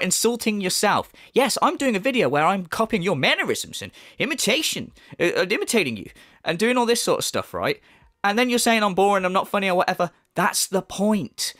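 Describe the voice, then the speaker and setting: A man's voice: high-pitched, fairly bright tone. A man ranting in mocking, sweary YouTube commentary. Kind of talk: casual rant commentary.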